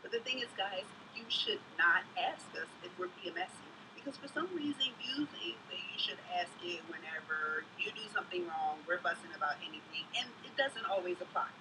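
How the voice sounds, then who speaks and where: A woman's voice: lowish voice, expressive, brisk, hardly any pauses, recorded from a distance, noisy background. A mother vlogging in casual chat, gossiping bluntly and telling stories in an outspoken way.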